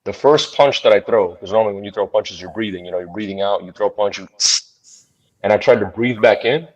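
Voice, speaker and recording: A man, a bare knuckle fighter, telling a fight story in an interview in a blunt, profane, animated way. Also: on the low side, brisk, highs cut off.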